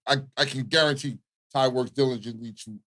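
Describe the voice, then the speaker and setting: A man's voice: medium pitch, steady tone, brisk, a bit bright. A Baltimore man co-hosting a morning radio show, chatting casually and profanely, often asking "you know what I mean.". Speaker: radio co-host.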